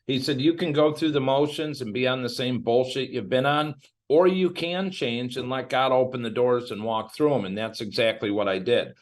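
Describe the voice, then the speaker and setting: A man from Illinois, a guest in an interview, telling his story in a candid, animated way and acting out what others said. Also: medium pitch, normal speed. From Illinois, USA.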